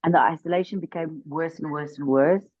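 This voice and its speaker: A woman's voice: low voice, brisk, dry recording, dull audio. A woman, a guest on an interview show, earnestly recounting her own experience and repeating words for emphasis. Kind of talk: personal testimony in conversation.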